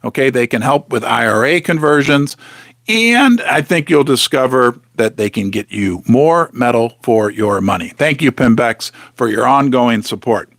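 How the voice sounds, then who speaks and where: A man hosting a casual live stream, talking with many restarts and rhetorical questions, clearing his throat as he is losing his voice. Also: medium pitch, animated, normal speed, a bit bright, dry recording. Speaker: host of a live precious-metals stream.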